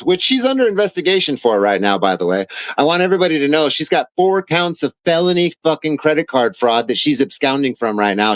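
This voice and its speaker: A man with a fairly high voice vents in a heated, profane vlog rant. His tone stays sarcastic and biting. The sound is dry and close, with no room echo at all. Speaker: vlogger. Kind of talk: angry rant reading out documents.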